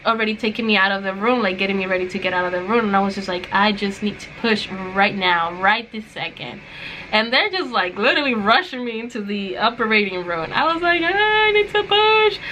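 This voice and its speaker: A woman's voice: fairly high pitch, pushed and bright, a little hiss or hum. A young woman in casual vlog style, rambling through a story with many likes and ums, recovering from surgery. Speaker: new mother.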